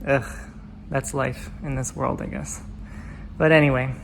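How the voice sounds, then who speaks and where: Male vlogger, casual chat to camera, gravelly texture, chatty with fillers, shifts between hushed and loud, faint background noise. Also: medium pitch, measured pace, long pauses. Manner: chatty, with frequent fillers, slipping between soft whispers and loud excitement. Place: home garage by a car.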